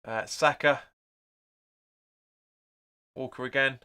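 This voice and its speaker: Man, young, football watch-along host, bright forceful voice, chatty live commentary. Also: mid-range voice, slow, clear, resonant tone. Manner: chatty, reads out viewer comments, excitable at chances.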